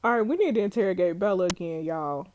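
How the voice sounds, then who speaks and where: A woman's voice: lowish voice, animated, fast talker, a little mellow, slight background noise. A woman playing an interactive story game, chatting animatedly with slangy asides while lying in bed with a headphone mic. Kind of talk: casual let's-play commentary.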